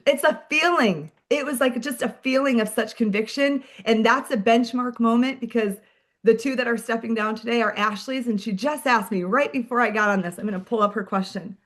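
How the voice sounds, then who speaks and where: Chatty, energetic woman giving a pep talk. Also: fairly high pitch, brisk. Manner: energetic, chatty, heavy use of "like" and "friends". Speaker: sales director leading a team meeting. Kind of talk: motivational team talk.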